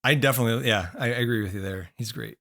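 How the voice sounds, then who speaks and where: A man's voice: medium pitch, rapid-fire, sharp tone. A man co-hosting a podcast in casual chat, rambling with fillers while losing his voice. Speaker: podcast co-host.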